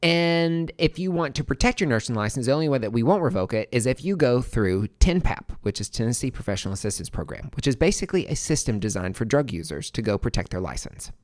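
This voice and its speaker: A man hosting a podcast, telling his own story in a candid, animated, profane monologue full of fillers. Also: medium pitch, fast, few pauses. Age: adult, former nurse.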